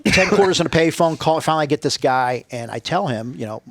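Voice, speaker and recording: A man's voice: mid-range voice, fast talker, few pauses, a bit bright, dry recording. A man telling a long, profane story in a casual interview, acting out the people he quotes. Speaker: podcast guest, retired Navy SEAL.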